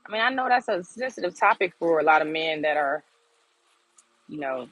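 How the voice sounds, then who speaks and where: Chatting on a phone livestream in her garden, a young woman is sassy and blunt and laughs a lot. Her low, animated voice moves at a moderate pace with a slightly bright tone, captured in a dry, poor-quality recording.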